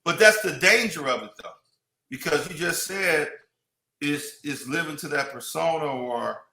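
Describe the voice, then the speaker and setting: Guy with a bright voice rambling, lots of you-knows and restarts, echoey room. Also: on the high side, measured pace, vocal fry. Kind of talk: casual chat.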